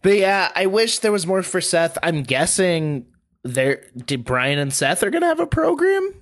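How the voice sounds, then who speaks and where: Male co-host, animated pitch, slightly high, hesitant casual talk. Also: normal speed. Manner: hesitant, full of ums and restarts. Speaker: podcast co-host. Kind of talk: casual chat.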